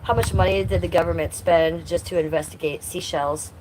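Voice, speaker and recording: On a laid-back livestream, a fifties-aged woman reads out the chat, cursing bluntly at rude commenters and using sing-song baby talk with her cat. She talks fairly quickly in a fairly low voice with fairly even intonation, against background noise.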